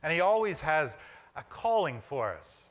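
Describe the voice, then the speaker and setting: A man's voice: on the high side, very animated, normal speed. A male pastor preaching a reflective sermon in a church, building images in short, repeated phrases. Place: church sanctuary.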